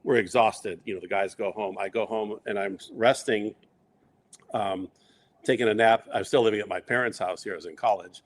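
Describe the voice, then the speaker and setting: A middle-aged man telling long, rambling stories in a relaxed interview, acting out quoted lines along the way. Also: lowish voice, normal speed. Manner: rambling anecdotes with quoted asides. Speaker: interview guest. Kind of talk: casual storytelling.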